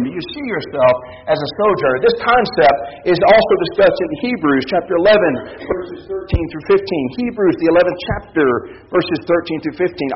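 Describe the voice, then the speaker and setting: A male pastor preaching a sermon, with a repetitive, impassioned cadence that swings between emphatic peaks and hushed drops. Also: high voice, muffled recording, slight background noise.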